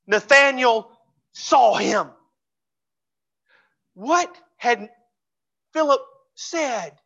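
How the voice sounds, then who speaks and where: A pastor preaching a sermon in a church, fervent and repeating phrases for emphasis, dropping to a hush for closing pleas. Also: mid-range voice, animated, slow pace, long pauses, dull audio. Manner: drops to a hushed voice for closing pleas. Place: church sanctuary.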